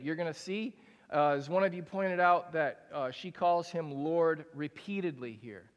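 A man's voice: fairly high pitch, moderate pace, lo-fi sound. A young man preaching a sermon to a congregation in a large room, speaking in a candid, conversational way with frequent casual fillers. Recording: long hall reverb.

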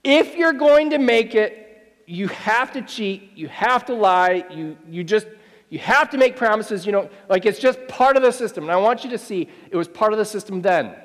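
A man's voice: high voice, animated, moderate pace, fairly bright tone. A male pastor preaching a sermon, emphatic and conversational, with wry asides. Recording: long hall reverb.

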